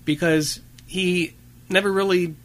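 Bright-voiced man chatting about films. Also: high-pitched, fairly even intonation, unhurried. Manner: chatty, hesitant with fillers. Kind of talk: casual film discussion.

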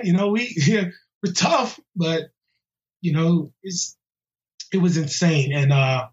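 A police officer being interviewed in a casual way, talking bluntly and heatedly with slang and halting restarts. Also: male voice, fairly high pitch. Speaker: police officer interviewed about a violent attack. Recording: muffled lo-fi audio.

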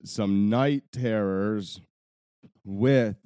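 A man's voice: fairly low pitch, extremely slow, dark tone, clear, resonant tone, no echo. A young man co-hosting a podcast, chatting casually, rambling with frequent laughs and swearing. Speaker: podcast co-host. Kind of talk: casual chat.

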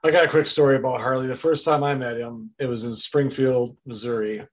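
A man in his forties chatting casually, giving short replies and telling an animated story. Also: mid-range voice, fairly quick, a little hiss or hum. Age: 40s. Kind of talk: casual chat.

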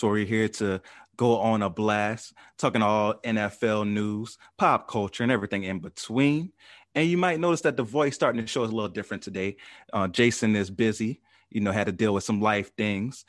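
A man hosting a sports and pop culture podcast in a relaxed, chatty way, laughing often. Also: fairly low pitch, dry recording, clean studio sound. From Arizona. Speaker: podcast host. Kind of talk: casual sports podcast chat.

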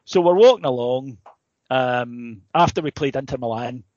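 A man's voice: mid-range voice, moderate pace, a little mellow, dry recording, dull audio. A man, co-hosting a podcast and telling a long anecdote in casual chat, swearing freely and checking in with "right?". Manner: swears freely, builds a story with asides and repeated "right?". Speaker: podcast co-host.

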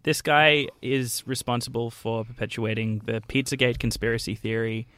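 A man's voice: mid-range voice, steady tone, moderate pace, fairly bright tone, clean tone, no room sound. A man on a radio panel discussion who makes his points bluntly and argumentatively.

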